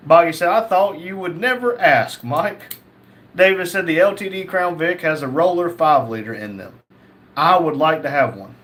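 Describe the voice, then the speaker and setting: A man's voice: sits high, unhurried. Chatty male livestream host reading comments. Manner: jokey, laughs often, reads messages in a flat quoting tone. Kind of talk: casual chat, reading viewer comments aloud.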